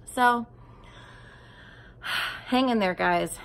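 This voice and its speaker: A woman reading a storybook aloud and then talking tenderly to her grieving nephews, often dropping into a soft whisper. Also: fairly high pitch, drawn-out words, creaky, clean tone. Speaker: aunt speaking to grieving nephews.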